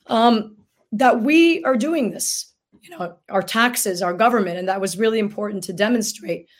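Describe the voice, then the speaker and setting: A woman guest speaking earnestly in a roundtable discussion, halting at times and emotionally moved. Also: mid-range voice. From Palestinian family. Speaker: guest author and plaintiff.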